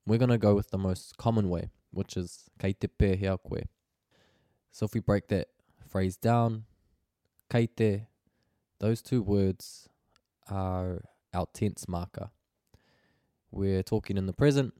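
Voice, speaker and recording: A man's voice: deep voice, steady tone, takes it slowly, long pauses, mellow, no echo, clean studio sound. A man teaching a Māori language lesson, explaining phrases patiently and pronouncing them carefully.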